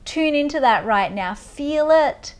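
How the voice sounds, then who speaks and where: Slow soothing woman guiding tapping. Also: high voice, animated. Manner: slow, soothing guided instructions. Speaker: tapping coach. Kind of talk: guided tapping meditation.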